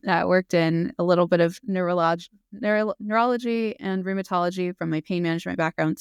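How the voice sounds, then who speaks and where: A woman in her thirties speaks as a podcast guest in an open, earnest, unscripted way, dropping in "um"s as she goes. Her voice is smooth and resonant, with a gravelly edge. The recording is close and dry. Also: lowish voice, no room sound. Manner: earnest and open, with fillers and laughs. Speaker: guest, physician assistant. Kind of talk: casual interview conversation.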